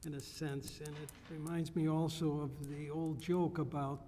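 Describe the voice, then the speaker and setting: A man's voice: fairly high pitch, little pitch movement, normal speed, mellow, slight background noise. A man alderman speaking at a council meeting in a folksy way, reaching for old sayings and jokes. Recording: long reverb council chamber audio.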